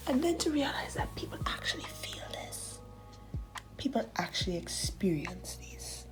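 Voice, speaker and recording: A woman of thirty talking candidly in a casual voice-over, often laughing and dropping into soft, whispery asides. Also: medium pitch, big pitch swings, moderate pace, over music. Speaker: art channel host.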